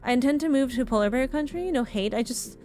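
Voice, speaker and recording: Chatty Canadian woman streamer, fairly high voice. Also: quick pace, warm tone, soft background music. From Ontario, Canada. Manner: chatty, frank, swears casually. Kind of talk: casual live-stream chat while gaming.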